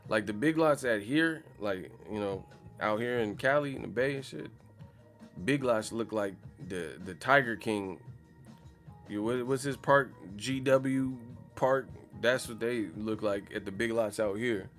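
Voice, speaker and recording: Profane joking man with low voice. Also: a little slow, fairly bright tone, faint music behind. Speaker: boxing channel host. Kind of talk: casual livestream chat. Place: in the Bay Area, California.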